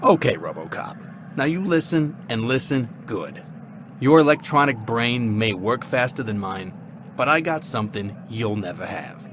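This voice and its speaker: A man's voice: medium pitch, sing-song, unhurried, background noise. An actor playing a male actor in a hard-boiled cop role, with tough-guy delivery. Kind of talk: audio drama acting.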